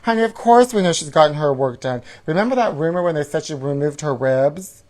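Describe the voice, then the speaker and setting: A man's voice: fairly high pitch, animated, a little fast, a little mellow. A man hosts a comedy show and reads out tabloid stories. He is catty and sassy and keeps calling his listener honey between gasps of mock outrage. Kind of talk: campy comedic reading of tabloid headlines.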